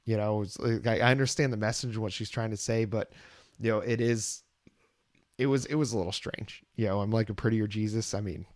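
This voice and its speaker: Laid-back low-voiced man podcaster. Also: steady tone, fairly quick, a little mellow, dry recording, clean studio sound. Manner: laid-back, rambling, many fillers and restarts. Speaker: podcast co-host. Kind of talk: casual album review chat.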